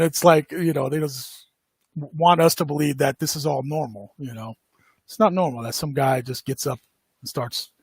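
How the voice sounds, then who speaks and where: A man's voice: medium pitch, husky, no echo. A man hosting a podcast, talking casually and rambling, with lots of fillers and frequent laughs. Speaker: podcast host. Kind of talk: casual livestream commentary.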